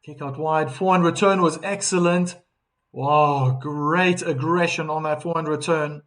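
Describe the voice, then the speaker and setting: A man's voice: fairly high pitch, fairly even intonation, moderate pace, fairly bright tone. A man doing live tennis commentary on a stream, chatting and reading out viewer comments between points.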